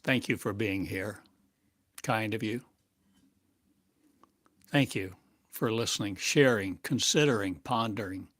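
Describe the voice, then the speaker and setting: A man giving a channeled spiritual monologue as a teacher, speaking in drawn-out phrases and asking one rhetorical question after another. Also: lowish voice, a bit bright, dry recording, clean studio sound.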